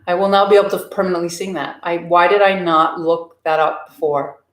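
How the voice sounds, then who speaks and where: A woman's voice: lowish voice, steady tone, a little fast. A woman live streaming casually, talking candidly and answering viewer comments from a room at home. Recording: roomy echo.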